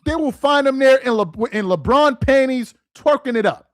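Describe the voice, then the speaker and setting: A man hosting a sports rant show, mocking and exasperated, firing off rhetorical questions, tripping over repeated words and rising into shouts. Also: very high-pitched, expressive, normal speed, no room sound, studio quality. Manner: stumbles and repeats words when worked up; rises into shouts. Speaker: sports commentator host.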